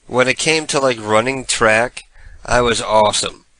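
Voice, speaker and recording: A man's voice: mid-range voice, a little slow, bright, forceful tone, no room sound, poor audio. A male radio host telling a blunt, profane story in a rambling comic style.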